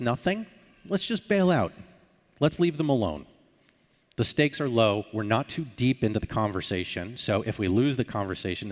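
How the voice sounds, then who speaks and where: Low-voiced man giving a conference talk. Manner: explanatory, acts out sample dialogues with filler sounds. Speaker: conference speaker. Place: conference hall. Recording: hall reverb.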